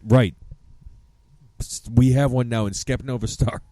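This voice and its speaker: A man co-hosting a podcast, chatting casually and excitably, swearing freely and laughing often. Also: medium pitch, measured pace, no room sound. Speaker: podcast co-host. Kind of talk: casual chat.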